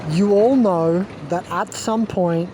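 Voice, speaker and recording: A man's voice: high-pitched, slow pace, warm tone, slight background noise. A man rambling to camera as a wellness vlogger, emphatic and self-assured, lecturing his viewers.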